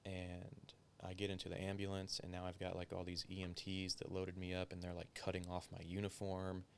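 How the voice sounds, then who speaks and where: A man's voice: sits low, monotone, fairly quick, vocal fry, slight background noise. A man, a former police officer, recounting a story in a casual interview, swearing often and filling his speech with "like". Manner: profane, filler-heavy storytelling.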